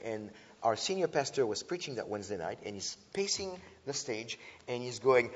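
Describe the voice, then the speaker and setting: A man giving an earnest, animated talk to an audience, often restarting his sentences and filling pauses. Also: medium pitch. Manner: earnest, with frequent restarts and filler sounds. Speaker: speaker teaching about antisemitism. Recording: dull lo-fi sound with long hall reverb.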